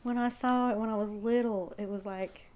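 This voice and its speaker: A middle-aged woman with a gentle Southern twang reminisces about her childhood, her pitch sitting right in the ordinary middle. She rambles fondly from one memory to the next, in plain, homespun talk. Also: fairly even intonation, moderate pace. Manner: nostalgic, rambling storytelling. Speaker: interviewee, the filmmaker's mother. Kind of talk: casual reminiscing.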